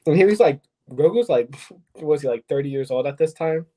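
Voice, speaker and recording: A man's voice: fairly high pitch, lively intonation, a little fast, dark tone. A man co-hosting a fan podcast, laid-back and chatty, retelling scenes with many fillers. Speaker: podcast co-host. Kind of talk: casual podcast chat.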